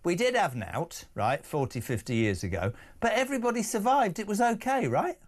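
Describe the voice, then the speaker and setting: A man hosting a radio phone-in from a studio, talking in a quick, jokey, chatty way. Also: sits high, very animated. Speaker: radio host.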